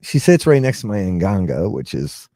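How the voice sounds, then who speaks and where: A man's voice: low-pitched, big pitch swings, normal speed, mellow, no echo, clean studio sound. A man co-hosting a live stream from his home workshop, rambling casually and laughing easily. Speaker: co-host.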